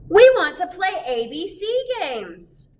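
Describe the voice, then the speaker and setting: A woman's voice: extremely high pitch, very animated, slow, pitched above the performer's own voice, heavily acted. A woman reading aloud and voicing a group of grown-ups in a picture book who whine and plead. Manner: whiny, pleading. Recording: distant mic, faint background noise.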